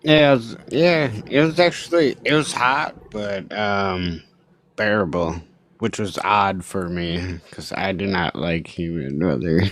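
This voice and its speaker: Slow, low-voiced laid-back man caller. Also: fairly bright tone. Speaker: caller on a live stream. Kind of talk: casual live-stream chat.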